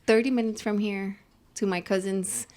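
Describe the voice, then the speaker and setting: A woman's voice: mid-range voice, fairly even intonation, normal speed, a little mellow. A young woman co-hosting a podcast, chatting casually and rambling through her week, dropping in Spanish phrases. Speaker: podcast co-host. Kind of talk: casual chat.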